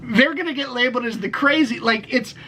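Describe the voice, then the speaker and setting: A man's voice: very high-pitched, brisk, bright, forceful tone, a little hiss or hum, rough recording. A man co-hosting a casual political podcast, rambling with many restarts and the odd swear word. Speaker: podcast co-host.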